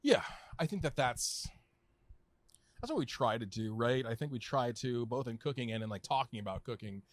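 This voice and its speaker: A man in his thirties, a food writer and podcast guest, talking casually with lots of restarts, fillers and quick laughs. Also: mid-range voice, animated, dry recording. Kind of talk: casual conversational chat.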